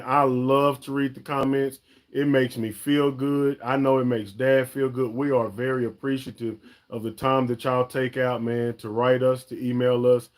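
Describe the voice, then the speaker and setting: Man hosting a live chat, emphatic and chatty, everyday mid-range voice. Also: mid-range voice. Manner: chatty, emphatic, calls viewers "y'all" and "man". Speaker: fishing channel host. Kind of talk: casual live-stream chat.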